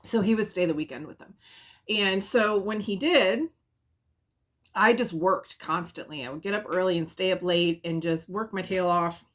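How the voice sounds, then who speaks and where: A woman with a low-pitched voice tells a personal story in a relaxed, conversational way. She pauses often, with fillers and self-corrections, as someone who founded a charity for single mothers. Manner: casual and conversational, many fillers and restarts.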